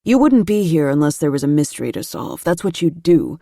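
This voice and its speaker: A woman's voice: deep voice, very animated, brisk, creaky, warm tone, no echo, studio quality, heavily acted. A woman playing a blunt, pushy young man. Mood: insistent.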